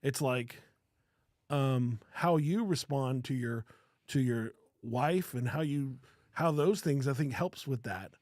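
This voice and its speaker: A man's voice: mid-range voice, slow pace, darkish tone, no room sound, clean studio sound. A man in his thirties co-hosting a casual podcast, telling stories and laughing often. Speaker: podcast co-host. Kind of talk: casual chat.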